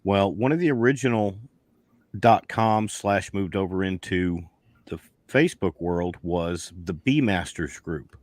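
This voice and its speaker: Guest beekeeper, low dry voice, folksy and rambling, lots of restarts. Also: male voice, measured pace, no room sound. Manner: rambling storyteller with many restarts. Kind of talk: casual chat on a video call.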